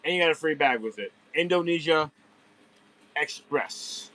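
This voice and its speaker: A man's voice: on the high side, lively intonation, unhurried, fairly bright tone, rough recording. A man hosting a live online sale of diecast cars from a warehouse at night, chatting casually with viewers and hyping each pull. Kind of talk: casual live-stream sales chat.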